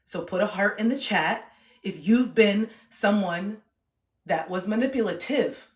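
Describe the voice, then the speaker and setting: A woman's voice: medium pitch, expressive, a little slow, roomy sound. A woman giving relationship advice on a livestream, talking emphatically and repeating her points. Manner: emphatic, repetitive, acts out quoted voices.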